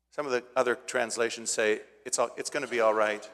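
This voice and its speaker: A male preacher retells a scripture story in plain, conversational language, stopping now and then to restart a phrase. His voice sits at an ordinary pitch and climbs with force when he drives home a point. The sound carries a long reverb, as in a large hall. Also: a little fast, few pauses, a bit bright. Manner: retells scripture casually, rising to emphatic peaks. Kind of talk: sermon storytelling.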